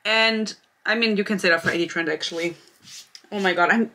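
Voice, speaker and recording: A woman's voice: mid-range voice, a little fast, pushed and bright. A woman giving a casual book review vlog, sarcastic and blunt, often giggling.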